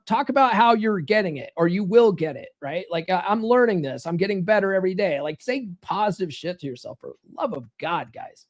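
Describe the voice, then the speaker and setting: A man hosting a live podcast as a dating coach, chatting casually, reading viewer comments and swearing freely as he rambles through stories. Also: sits high. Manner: profane, rambling, animated storytelling. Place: home studio.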